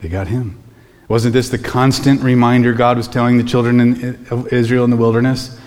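A man's voice: mid-range voice, little pitch movement, fairly quick, darkish tone, big-room sound. A man preaching a sermon as pastor, in a conversational way full of rhetorical questions.

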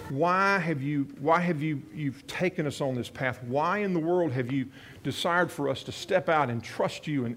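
A man's voice: on the high side, a little hiss or hum. A man preaching a sermon as a pastor, telling a personal story earnestly and often restarting his phrases. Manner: earnest, repeats and restarts phrases, voices quoted prayers softly.

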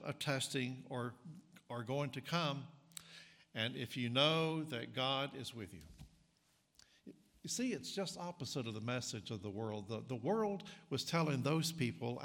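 A man preaching a sermon as pastor, talking in a conversational, halting way with frequent restarts and fillers. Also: medium pitch, a bit bright, big-room sound. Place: church sanctuary.

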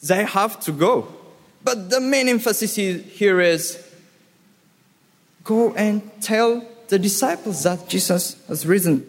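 Guy preaching slow and emphatic, repeats his points, echoey church sound. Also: high-pitched. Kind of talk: sermon. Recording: reverberant hall.

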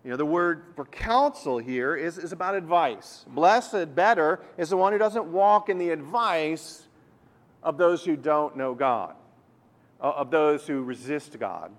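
Pastor guy preaching, kinda high voice, stumbles and repeats words, leans on key words. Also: lively intonation, unhurried. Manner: earnest, repeats words while explaining scripture. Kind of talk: sermon.

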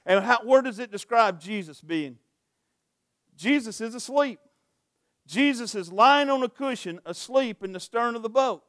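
A middle-aged male pastor delivers a sermon with a high, smooth, resonant voice. He reads scripture aloud and presses his points with rising urgency. The sound is dry and close. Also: normal speed, fairly bright tone, dry recording. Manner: preaching with rising intensity, scripture readings, light jokes.

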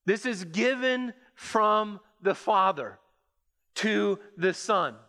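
A man preaching a sermon, reading scripture and explaining it with measured emphasis. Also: lively intonation, pushed and bright. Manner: measured, emphatic preaching that rises in pitch as it builds.

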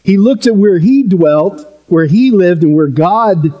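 A man's voice: sits high, animated, measured pace, lo-fi sound. A male pastor preaching a sermon in an earnest, emphatic way, with playful asides.

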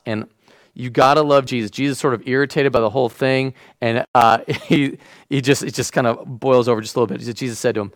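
A man preaching a sermon as a pastor. He acts out the quotes and drops to a hush when he wants a point to land. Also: medium pitch, steady tone, a little fast, no echo, rough recording.

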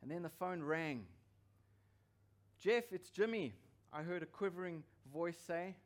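A man's voice: sits high, expressive, measured pace. A man preaching a sermon as pastor, emphatic and repeating his key phrases for weight.

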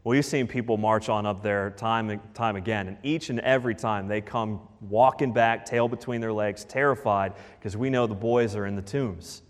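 A rattled herdsman, put on by a man in a lowered voice, rushing through a wild story in a folksy, breathless way. It sounds like it was recorded in a large hall with a long reverb. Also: fairly even intonation, natural voice.

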